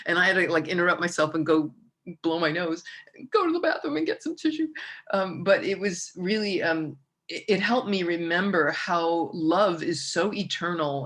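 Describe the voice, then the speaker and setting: A woman's voice: deep voice, a bit bright. A middle-aged woman hosting a casual astrology talk, chatty and rambling, with many fillers and restarts, at times close to tears. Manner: emotional, near tears when speaking of her mother. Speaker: astrologer host.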